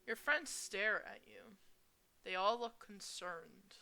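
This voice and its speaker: Young woman, reading a visual novel aloud, slow, bright voice, crude asides. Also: medium pitch, expressive, a little hiss or hum. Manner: reads slowly, with crude asides. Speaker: gamer.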